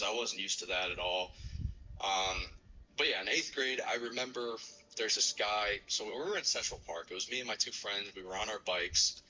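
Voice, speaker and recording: A man's voice: lowish voice, bright, forceful tone, dull audio, slight background noise. A man in his thirties from New York City, rambling through profane personal stories on his stream with many fillers. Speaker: streamer host. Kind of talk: casual storytelling on a stream.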